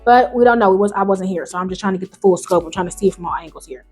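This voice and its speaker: A woman hosting a video, reading online stories aloud and reacting in animated, slangy, casual talk, jumping between loud high bursts and low mutters. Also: racing, breathy edge, soft background music. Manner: animated, slangy, talks back to the story. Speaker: YouTube host.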